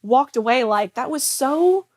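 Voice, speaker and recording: A woman's voice: sits high, animated, measured pace, dry recording. Chatty woman telling a story, close and dry. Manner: chatty storytelling with many fillers, quotes herself and others. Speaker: health coach. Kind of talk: casual talk to camera.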